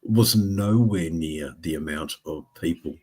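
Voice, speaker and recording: Husky deep-voiced Australian man. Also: a little slow, mellow. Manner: rambling, hesitant, full of restarts. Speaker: livestream co-host. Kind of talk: casual chat.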